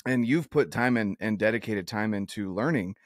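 A man's voice: lowish voice, moderate pace, no room sound, clean studio sound. A man hosting an outdoors podcast, talking earnestly in a rambling way with many restarts. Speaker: podcast host. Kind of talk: casual interview chat.

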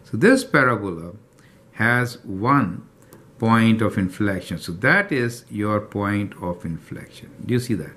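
A man's voice: fairly low pitch, expressive, measured pace, a bit bright, a little hiss or hum. A man teaching a calculus lesson step by step, often checking in with the viewer. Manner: explanatory, checks in with "right?" and "do you see that?". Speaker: math teacher.

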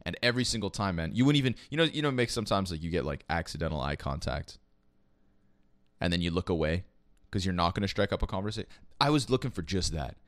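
In a fast, low-pitched voice full of big pitch swings, a young Quebecois esports caster and podcast host spins a rambling, profane story stuffed with "you know" and "like." The recording is dry and studio-clean.

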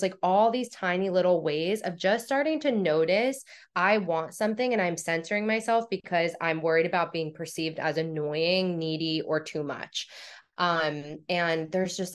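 Young woman with a low voice, podcast guest, tells stories and plays out her own thoughts, very animated. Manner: animated, acts out her own inner dialogue. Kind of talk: casual conversational storytelling.

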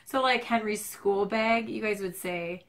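Chatty Midwestern woman with a gravelly voice. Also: mid-range voice, fairly even intonation, unhurried. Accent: Midwestern American. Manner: rambling, self-deprecating, chatty. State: straining voice, stuffed up. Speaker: vlogger. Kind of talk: casual chatty vlog. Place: home at night, dim lighting. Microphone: camera mic, handheld shaky camera.

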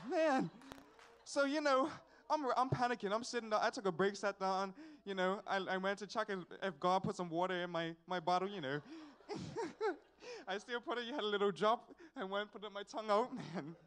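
A young man, telling a personal testimony at a church service in an animated, repetitive storytelling way with sighs and asides. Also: sits high, normal speed. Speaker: church member giving a testimony.

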